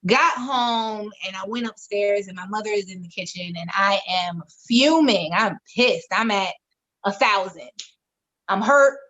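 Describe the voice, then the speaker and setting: Speaking at a measured pace in a fairly bright, medium-pitched voice, a woman in her thirties opens up about a painful part of her life on a podcast she co-hosts. She's candid, emotional and doesn't hold back on swearing. The audio is lo-fi and slightly dull.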